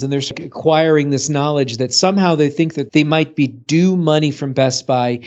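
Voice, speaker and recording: A man from the US Northeast co-hosting a podcast, telling a story and acting out his client's lines with a rising voice. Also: darkish tone. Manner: storytelling, acts out client's quotes with rising pitch. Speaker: podcast co-host, Apple consultant. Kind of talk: casual podcast chat. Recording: dull lo-fi sound.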